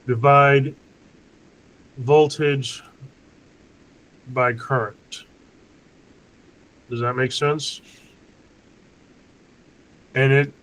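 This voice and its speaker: A man's voice: mid-range voice, a bit bright, rough recording. A man teaching an online class, patiently walking students through a worksheet and checking they understand.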